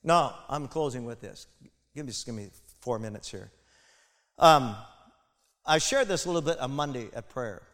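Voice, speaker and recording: A man preaching a sermon with passion, building to loud emphatic peaks and turning aside to his congregation. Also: mid-range voice, lively intonation, moderate pace, long pauses. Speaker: pastor. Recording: long hall reverb.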